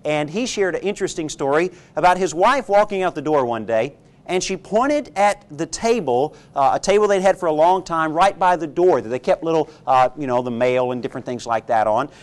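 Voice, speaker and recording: A male pastor with a fairly high, animated voice preaches a sermon at a slightly quick pace. His delivery is emphatic and rhetorical, and he keeps checking in with the congregation by asking "okay?"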